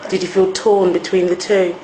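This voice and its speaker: A young woman interviewing in a chatty, gushing way, firing quick follow-up questions. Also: fairly low pitch, little pitch movement, mellow, slight background noise. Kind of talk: casual interview. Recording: echoey room.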